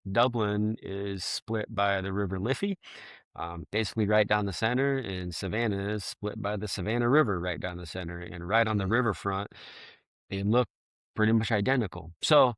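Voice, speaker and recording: Lowish guy rambling on a podcast, jokes at himself, laughs a lot, dead dry mic. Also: moderate pace, a bit bright, no room sound. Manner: rambling, self-deprecating, laughs often. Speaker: guest, firefighter bagpiper. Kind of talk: casual podcast conversation.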